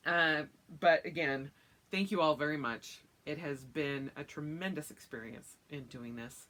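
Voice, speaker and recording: Bright-voiced chatty woman vlogger. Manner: rambling, chatty, acts out quotes in excited high voice. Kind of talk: casual chat to camera.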